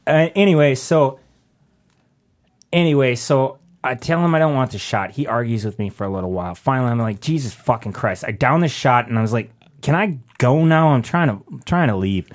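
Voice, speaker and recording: A young man telling a story in casual chat, swearing constantly and ranting in an animated way. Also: medium pitch, a little fast.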